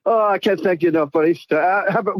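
A man's voice: sits high, fast talker, dull audio. A man calling in to a radio show, emotional and effusive, stumbling over repeated words. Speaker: caller. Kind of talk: call-in radio talk.

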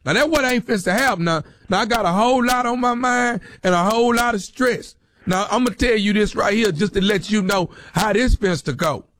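A man's voice: high-pitched, brisk, few pauses, a bit bright, dry recording. A man playing a brash jailed man who phones to claim his girl, insistent and swaggering, on a phone call. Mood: defiant. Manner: insistent, swaggering, keeps repeating himself.

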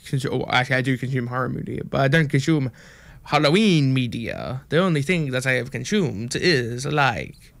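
A man's voice: mid-range voice, lively intonation, moderate pace, vocal fry, a bit bright, no room sound. A man hosting a casual show, rambling with lots of fillers and unsure asides. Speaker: host.

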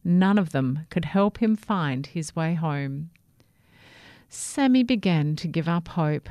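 A woman, narrating a children's story in a gentle, expressive way. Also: deep voice, slow pace, dry recording, clean studio sound.

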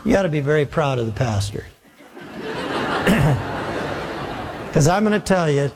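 A male pastor telling a wry, animated story during a sermon. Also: fairly high pitch, slow, pauses often, big-room sound. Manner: animated, wry anecdotal delivery.

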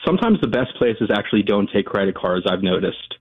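A man's voice: lowish voice, big pitch swings, a little fast, breathy edge, dry recording, highs cut off. A man in casual chat, agreeing and adding short remarks. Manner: agreeable, brief replies.

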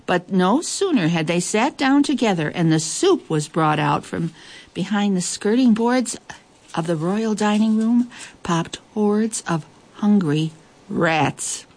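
A woman reading a children's story aloud in a lively, expressive way, with playful asides. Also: medium pitch, unhurried.

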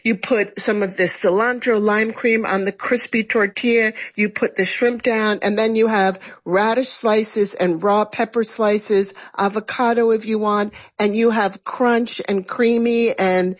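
A woman chef talks on a radio show in an easy, chatty way. She laughs easily and explains each recipe step in turn. Her voice sits at an ordinary middle pitch. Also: steady tone, measured pace, hardly any pauses. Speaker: resident chef. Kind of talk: casual radio chat.

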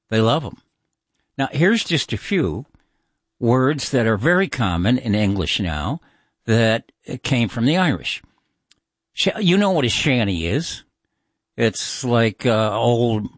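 Man, radio host, casual musing talk, unhurried, dead-dry studio sound. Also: medium pitch, no room sound. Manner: chatty, musing, with many fillers.

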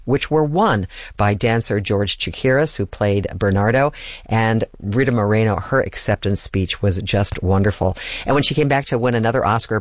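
An older man hosting a music program, telling anecdotes in a loose, rambling way and stopping to correct himself. His voice sits fairly low. The recording is dry and close, with no room sound. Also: no room sound. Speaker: radio music host. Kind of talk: casual storytelling between music.

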